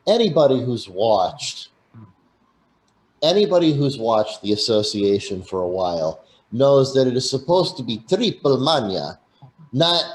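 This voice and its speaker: A man's voice: mid-range voice, sing-song, a little slow, poor audio. A man talking on a radio panel, eager and stumbling over restarts as he chats casually. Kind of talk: casual call-in panel chat.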